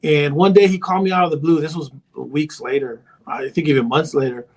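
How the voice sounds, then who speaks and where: A man's voice: fairly high pitch, fairly even intonation, brisk. A man who works as a therapist and parent coach, chatting casually on a podcast and telling stories with a lot of filler phrases. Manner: rambling storyteller, heavy on filler phrases.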